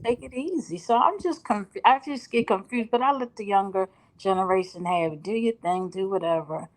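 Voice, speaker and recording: A woman's voice: medium pitch, brisk, low-quality recording. A middle-aged woman, a caller on a live chat, talking things through in a polite, chatty way. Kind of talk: casual chat.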